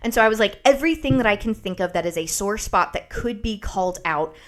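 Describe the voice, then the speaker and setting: A woman hosts a podcast, spinning a story in loose, casual chat. She is sarcastic and swears freely, with lively delivery. Her voice sits at an ordinary middle pitch. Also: quick pace. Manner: animated, profane, sarcastic storytelling. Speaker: podcast host.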